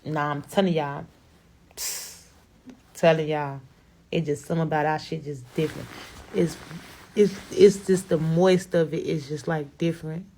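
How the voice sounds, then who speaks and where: Profane animated young woman storyteller. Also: deep voice, normal speed, a little hiss or hum. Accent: Chicago. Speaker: rapper. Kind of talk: casual storytime to camera.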